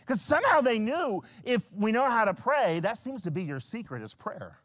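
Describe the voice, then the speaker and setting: Male pastor, high voice that leaps around, animated sermon delivery. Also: moderate pace. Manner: animated, swings from hushed to loud; acts out little scenes in quoted voices.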